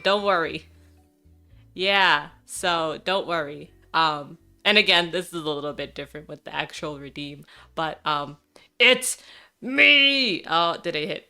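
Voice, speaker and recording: A woman's voice: sits low, unhurried, pushed and bright, soft background music. A young adult woman streaming live, chatting casually and playfully, laughing often and swearing now and then. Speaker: VTuber streamer.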